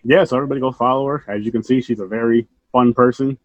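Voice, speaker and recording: A male podcast host talks fast and easily with his guest. His voice sounds dry and close, and the audio is a little muffled. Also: mid-range voice, steady tone, no room sound. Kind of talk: casual interview chat.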